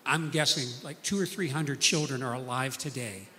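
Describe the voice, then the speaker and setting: A man's voice: mid-range voice, normal speed, pushed and bright, in a large hall, slight background noise. A man preaching a sermon, telling stories earnestly and acting out the people he quotes.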